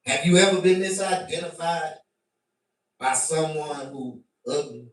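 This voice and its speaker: A man doing a profane stand-up rant to his stream, animated and bursting into shouts. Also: fairly high pitch, unhurried. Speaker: comedian. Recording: very echoey room, mic at a distance.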